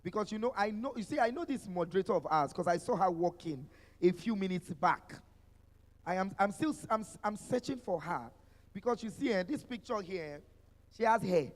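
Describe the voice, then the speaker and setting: A man's voice: high-pitched, lively intonation, normal speed, long reverb tail. A man with a Nigerian accent hosting a live expo panel, teasing guests and hyping them up in a playful sing-song way. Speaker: event host. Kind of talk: lively live event emceeing. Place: expo stage with music behind.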